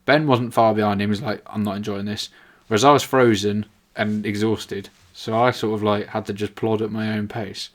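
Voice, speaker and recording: A man's voice: fairly low pitch, fairly even intonation, brisk, hardly any pauses. A young man casually telling a rambling, sweary story, full of "like" fillers. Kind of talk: casual anecdote.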